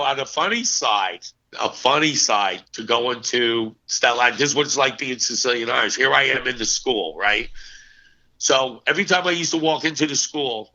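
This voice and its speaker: Bright-voiced New man telling stories. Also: mid-range voice. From New Jersey, US. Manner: animated anecdotes with quoted voices. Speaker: actor guest. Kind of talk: casual storytelling interview. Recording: muffled lo-fi audio.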